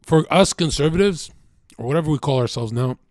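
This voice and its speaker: A young man from Canada, a streamer, talking in a rambling, profane casual monologue that swings between loud bursts and low mutters. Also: expressive, a little fast, no room sound, clean studio sound.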